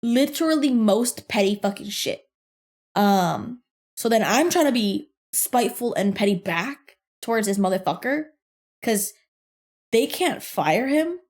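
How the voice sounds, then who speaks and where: Young woman telling a story, profane and animated. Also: a little high, measured pace. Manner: animated, profane, laughs through her story. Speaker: podcast host. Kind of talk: casual storytelling monologue.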